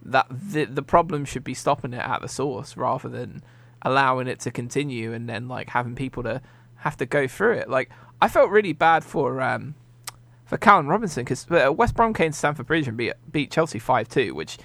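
An Englishman co-hosting a casual podcast chat. His voice has a gravelly, fry-edged texture. He talks in an exasperated way and trips over repeated words as he restarts. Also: mid-range voice, lively intonation, moderate pace, fairly bright tone, no echo. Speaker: podcast co-host.

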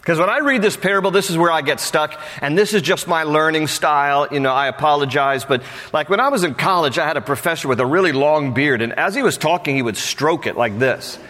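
A man's voice: a little high, fairly quick, few pauses, pushed and bright. A male pastor delivering a sermon in a conversational, joking way, with playful asides. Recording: long reverb of a large hall.

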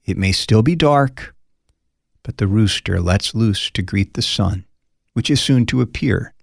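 A pastor teaching through a Bible passage in a conversational, expressive way, acting out the quoted lines with folksy asides. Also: male voice, fairly low pitch, a little slow, creaky, no echo, studio quality.

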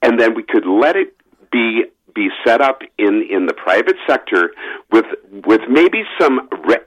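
A man calling in to a talk radio show, talking in an animated, emphatic way over a phone line. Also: mid-range voice, unhurried. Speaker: caller. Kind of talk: political call-in radio talk.

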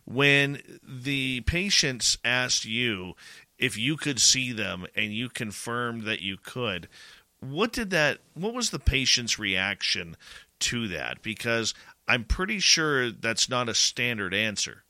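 Guy hosting a livestream, super bright clear voice, dry sound, quick and eager. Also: mid-range voice, big pitch swings, dry recording. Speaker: host. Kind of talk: live-streamed interview.

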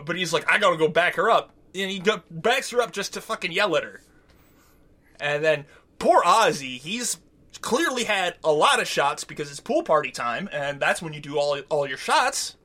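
A man's voice: a little high, big pitch swings, moderate pace, pushed and bright. A man co-hosting a podcast, recapping a show in casual, profane, rambling chat and acting out quotes. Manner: rambling, profane, acts out quotes in silly voices. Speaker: podcast co-host.

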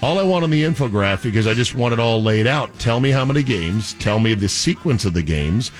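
A man's voice: mid-range voice, expressive, a little fast, faint music behind. A male sports radio host with a mid-range voice. He teases his co-hosts as he chats casually about the game. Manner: jokey, teasing.

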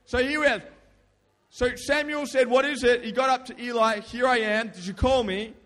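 A young man preaching a lively youth sermon, telling casual stories and prompting the crowd. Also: very high-pitched, moderate pace. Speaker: youth pastor. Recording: long hall reverb.

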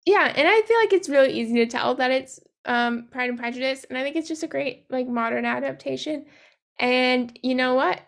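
A young woman with a high voice and a gravelly edge, chatting casually as a podcast co-host. She recaps a film in loose, profane talk full of asides and acts out what the characters say. She sounds relaxed and talkative. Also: moderate pace. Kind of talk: casual chat recapping a movie.

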